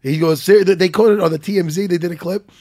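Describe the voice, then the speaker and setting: A man's voice: high voice, brisk. A man hosting a casual chat, rambling and swearing freely, often laughing mid-sentence. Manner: animated, swears a lot, breaks into laughter.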